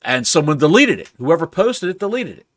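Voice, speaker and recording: A man co-hosting a casual wrestling podcast, telling stories in a wry, drawn-out way. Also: a little high, big pitch swings, fairly bright tone, dry recording. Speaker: co-host.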